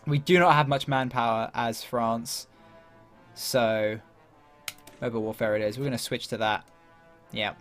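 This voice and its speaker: A man's voice: mid-range voice, steady tone, a little slow, pauses often, a bit bright, faint music behind. A man giving casual, chatty commentary while playing a strategy game, thinking aloud with plenty of fillers and laughing at himself. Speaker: gaming YouTuber.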